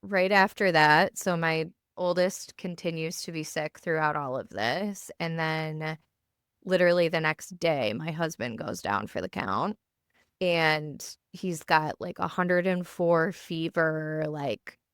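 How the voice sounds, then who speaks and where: Woman, 30s, low pitch, podcast co-host, casual chat, halting with fillers, dry close sound. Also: a bit bright, clean tone, dry recording. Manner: halting, full of "like" fillers and restarts. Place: home basement.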